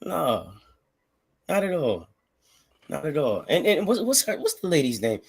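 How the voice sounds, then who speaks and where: A man's voice: on the high side, wildly swooping pitch, measured pace, gravelly, slightly rough. A young man co-hosting a casual wrestling podcast, laid-back and blunt, often answering in short remarks. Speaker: podcast co-host.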